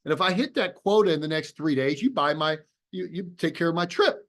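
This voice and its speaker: A man's voice: fairly high pitch, animated, brisk, fairly bright tone. A man giving a motivational talk to an audience over a video call, telling a story and acting out both sides of remembered conversations. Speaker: business opportunity presenter.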